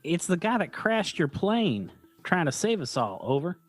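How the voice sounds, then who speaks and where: A man's voice: sits high, sing-song, measured pace, faint music behind, pitched above the performer's own voice, heavily acted. A man playing a plain-spoken army private, talking in a folksy, rambling drawl full of fillers.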